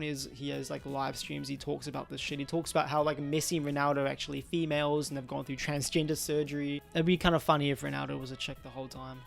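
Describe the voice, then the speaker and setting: Young male host, blunt and slangy, gravelly tone. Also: fairly high pitch. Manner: blunt and slangy, laughs at his own jokes. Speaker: podcast host. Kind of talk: casual opinion rant.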